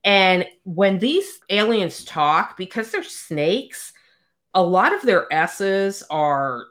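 A woman's voice: medium pitch, sing-song, slow, a bit bright. A woman co-hosting a casual chat, animatedly retelling a book's plot and acting out the quotes. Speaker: podcast co-host. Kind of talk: casual book recap chat.

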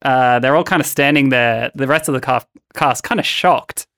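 A man's voice: medium pitch, normal speed, a bit bright, no echo, clean studio sound. A man co-hosting a podcast, chatting casually about comics and laughing often. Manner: chatty, laughs often, reads panels aloud. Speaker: podcast co-host.

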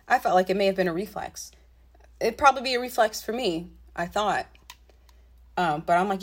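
A woman's voice: fairly low pitch, normal speed. A young woman casually telling a story from her own life. She swears freely and keeps adding asides as she talks. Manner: blunt and profane, swearing freely; animated retelling with frequent asides. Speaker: storytelling vlogger.

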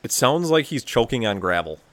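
A man's voice: mid-range voice, sing-song, a little fast, fairly bright tone, no echo. A man co-hosting a podcast, giving short replies and dry wisecracks. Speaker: podcast co-host. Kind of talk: casual podcast chat.

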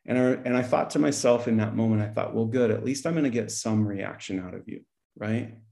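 A middle-aged man tells a story in a conversation, with a dark, mellow tone and a rough, gravelly edge. He acts out the dialogue as he goes and laughs often. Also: on the low side, fairly quick. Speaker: podcast guest, school principal.

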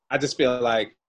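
A man chatting casually over a remote call, relaxed and slangy, laughing easily and asking questions. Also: mid-range voice. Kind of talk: casual chat.

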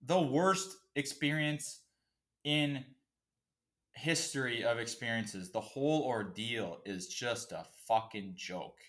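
A man's voice: mid-range voice, takes it slowly, a bit bright. A man hosting a casual solo podcast, ranting in a profane, emotional, fired-up way. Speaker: podcast host.

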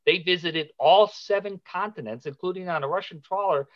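A man's voice: high-pitched, a little fast, highs cut off. A middle-aged man as a podcast guest, chatty and jokey, telling stories in a loose, casual way. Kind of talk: casual interview chat.

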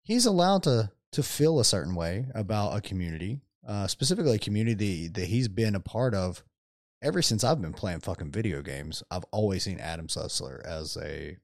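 Lowish-voiced dude ranting on a gaming podcast, cusses constantly, dry close mic. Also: male voice, fairly quick, creaky, no echo. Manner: heavy swearing, animated rants. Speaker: podcast co-host. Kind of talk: casual chat.

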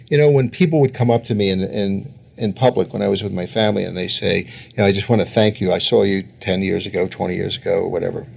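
Gravelly older man telling stories. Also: on the low side, darkish tone. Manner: storytelling, voices others in quotes with lots of laughter. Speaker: guest therapist. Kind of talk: interview answers.

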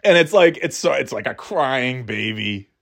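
A man's voice: mid-range voice, expressive, normal speed, gravelly, a bit bright. A man hosting a podcast, chatting casually about movies in a rambling, profane way, acting out scenes in mocking voices. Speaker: podcast host.

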